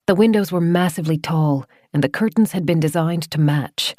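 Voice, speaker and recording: A woman narrating a horror audiobook in a steady, measured storytelling voice into a studio microphone. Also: sits low, no echo.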